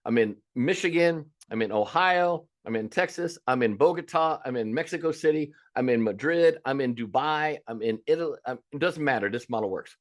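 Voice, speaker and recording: An energetic man coaching restaurant owners, emphatic and blunt, with the odd swear. His voice sits at an ordinary middle pitch, and he acts out his clients' complaints in their own words. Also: a little fast, hardly any pauses. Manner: casual and blunt, swears now and then. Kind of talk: coaching webinar presentation.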